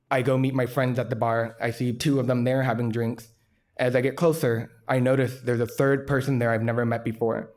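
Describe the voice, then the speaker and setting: Guy telling his own story on stage, candid, wry, pokes fun at himself. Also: medium pitch. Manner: candid, self-deprecating, wry. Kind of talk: live personal storytelling.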